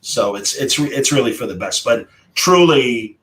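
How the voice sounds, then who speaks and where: A man's voice: medium pitch, lively intonation, normal speed, poor audio. A man hosting a casual group chat, recalling a story with a former radio broadcaster's delivery. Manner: conversational storytelling, warm recollection. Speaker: podcast host.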